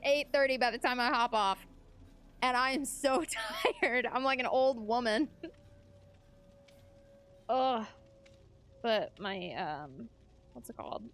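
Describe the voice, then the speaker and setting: A woman's voice: high voice, a bit bright. A young adult woman streamer chatting casually with her chat while gaming, laughing often.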